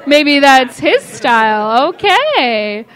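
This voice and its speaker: A woman with a high voice calls bids at a charity auction. She paces herself slowly and steadily, repeats each amount, and coaxes the crowd to go higher. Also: big pitch swings, a bit bright. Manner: brisk, repeats bids, coaxing. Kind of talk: live charity auction calling.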